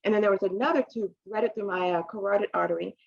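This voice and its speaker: A woman, a podcast guest, telling a personal story in a casual interview. She acts out the voices in her story with big jumps in pitch and often laughs as she talks. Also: quick pace, creaky, breathy edge, dry recording. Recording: dry, slightly dull podcast audio.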